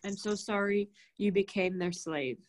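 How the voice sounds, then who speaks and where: A woman's voice: mid-range voice, a little slow. A woman guest in a healing session, speaking hesitantly and repeating phrases after the host. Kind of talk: emotional personal sharing.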